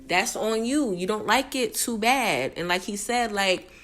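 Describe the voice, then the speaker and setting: A woman's voice: medium pitch, expressive, a little slow, fairly bright tone, faint music behind. A young adult woman recapping a reality show in a blunt, slangy, exasperated casual rant.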